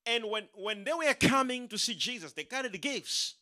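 A man preaching a sermon, animated, repeating his words and acting out the people he quotes. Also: very high voice, moderate pace.

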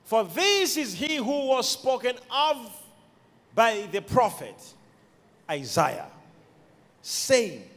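A man preaching a sermon, emphatic, with sudden shouted peaks and quiet asides, recorded in an echoey church hall. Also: extremely high pitch, big pitch swings, takes it slowly, long pauses.

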